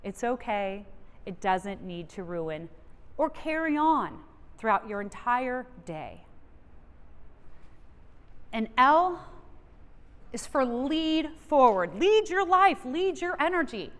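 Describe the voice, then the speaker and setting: Woman on stage doing a motivational keynote, pretty high voice, lots of reverb from a big hall. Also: takes it slowly, long pauses. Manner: energetic, coaching the audience directly. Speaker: keynote speaker. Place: large event hall. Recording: long reverb of a large hall.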